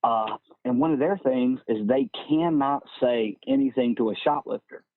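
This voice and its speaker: A man hosting a casual podcast chat, animated and profane, calling everyone "bro". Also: medium pitch, moderate pace, no echo. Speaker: podcast host. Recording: tinny phone-like dry sound.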